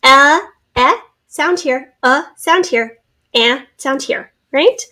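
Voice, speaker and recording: A woman teacher giving a spelling and phonics lesson, sounding out words slowly and carefully. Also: sits high, bright, forceful tone. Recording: recorded lesson video.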